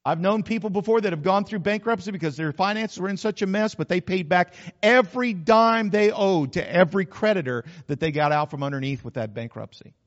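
A man's voice: high-pitched, brisk, hardly any pauses, long reverb tail, muffled recording. A middle-aged man, a pastor preaching a sermon in an emphatic, conversational, repetitive way. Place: church.

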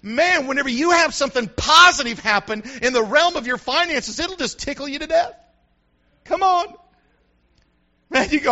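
A man preaching a sermon to his congregation, animated and preacherly, acting out the voices he quotes. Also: extremely high pitch, normal speed, muffled recording. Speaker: pastor. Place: church sanctuary with congregation.

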